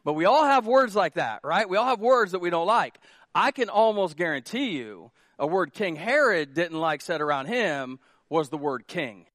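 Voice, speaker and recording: A man preaching a lively sermon in a somewhat higher voice, dry and close with no room echo. He jokes, repeats his starts, and swings between booming asides and quiet points. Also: moderate pace. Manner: animated, jokey preaching with many repeated words. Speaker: pastor.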